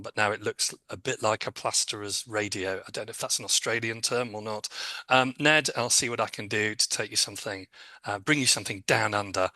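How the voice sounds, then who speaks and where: A man's voice: mid-range voice, sharp tone, dry recording. A man hosting a podcast, reading listener questions aloud and teasing his co-hosts dryly. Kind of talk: casual podcast chat.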